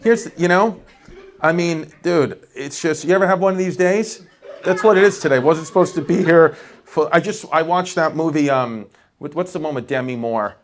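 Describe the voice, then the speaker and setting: A man's voice: fairly high pitch, normal speed. A male stand-up comedian doing rambling, self-mocking crowd work on a club stage. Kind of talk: stand-up set. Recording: audience laughter throughout.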